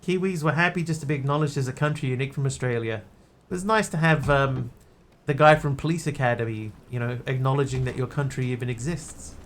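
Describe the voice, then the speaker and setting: A man's voice: medium pitch, quick pace, hardly any pauses, a little hiss or hum. A man streaming a game, chatting casually in a rambling, wry way. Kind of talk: casual gameplay chat.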